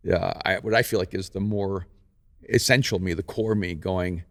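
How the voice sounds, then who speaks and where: Deep-voiced man telling a story thoughtfully. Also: fairly even intonation, moderate pace, no room sound, clean studio sound. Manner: thoughtful, many restarts and repeated words. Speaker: podcast host and author. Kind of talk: reflective storytelling in casual conversation. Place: podcast studio.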